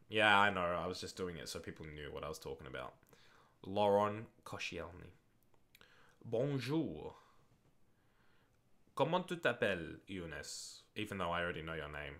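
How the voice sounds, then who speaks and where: Low-sitting, pushed and bright, this young man's voice moves at a quick clip. He's an Australian livestreamer running a late-night football watch-along, chatting loosely, swearing here and there, and sounding worn out as he works through viewer questions.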